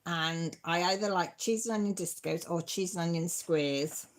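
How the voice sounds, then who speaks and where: A woman's voice: lowish voice, moderate pace. Giggly middle-aged woman chatting. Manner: giggly, self-deprecating, chatty. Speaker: live stream host. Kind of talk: casual live chat reading viewer comments.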